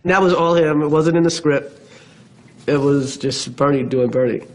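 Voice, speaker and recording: A male film director in a documentary interview, telling amused stories from a film set. His voice is fairly high. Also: normal speed.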